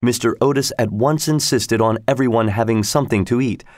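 A man's voice: mid-range voice, dry recording. Man reading a storybook, dry and close. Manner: steady, measured reading. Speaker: narrator. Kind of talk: storybook narration.

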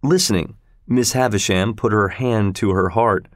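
A man narrating a storybook in the first person with steady, measured delivery. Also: fairly low pitch, no room sound, clean studio sound. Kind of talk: storybook reading.

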